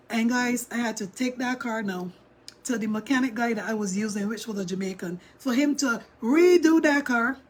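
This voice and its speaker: A middle-aged woman tells a story to her viewers in a lively, emphatic way, speaking straight to them. Her voice sits a little high for a woman. She leans hard on her points as she goes. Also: normal speed. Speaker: vlogger.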